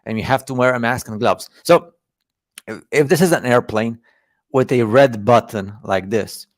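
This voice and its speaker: Sarcastic man, halting, feigning ignorance. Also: medium pitch, no echo, studio quality. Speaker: video host. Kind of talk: casual ironic commentary on screenshots.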